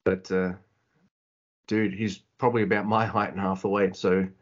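A man co-hosting a podcast in casual chat, profane and excitable, laughing often, on slightly dull lo-fi audio. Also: low voice, moderate pace. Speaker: podcast co-host.

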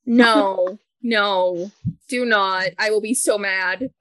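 A woman co-hosting a casual chat, retelling a story in a chatty way with laughter and halting restarts. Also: medium pitch, steady tone, a bit bright, no room sound. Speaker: podcast co-host.

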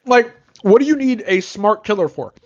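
A fairly high-voiced man talking in a casual movie review chat, animated and incredulous, with some swearing. The recording is dull and lo-fi. The sound is dry and close. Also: moderate pace, no echo. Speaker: podcast co-host.

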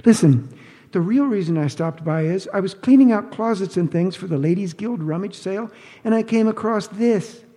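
A man's voice: high-pitched, normal speed, dark tone, long reverb tail, voice pushed up, close to an everyday voice. A man reading an audiobook, voicing a sly divorced woman who talks in a sugary, teasing, falsely innocent way.

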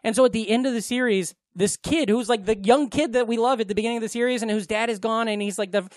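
A man's voice: very high-pitched, quick pace, no room sound, studio quality. Rambling, swearing male podcast co-host. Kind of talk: casual chat.

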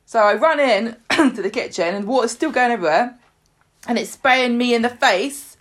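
A woman co-hosting a podcast in casual chat, telling stories animatedly with laughs and loud acted quotes. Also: on the high side, moderate pace. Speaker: podcast co-host.

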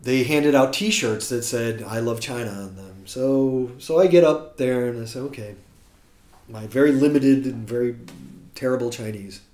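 An American man, a guest musician, tells a casual anecdote in a medium-pitched voice at normal speed, animatedly acting out the people he quotes. The recording has a roomy echo.

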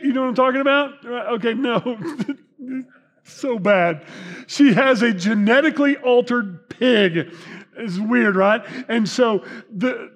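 A pastor with a high voice preaches into a microphone in a church sanctuary, his words carrying a long reverb through the hall. He addresses the congregation in a chatty way, cracking jokes and asking them questions.

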